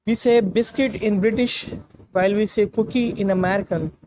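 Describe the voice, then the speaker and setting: High-voiced man reading a word list. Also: fairly even intonation, darkish tone, a little hiss or hum, poor audio. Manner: measured, list-like delivery with repeated phrasing. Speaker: language teacher.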